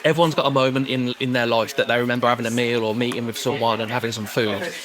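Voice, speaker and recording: A man's voice: mid-range voice, little pitch movement, fast, a crowd in the background. A man co-hosting a casual chat over dinner, putting easygoing questions to his guest. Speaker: co-host. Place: pub dining room.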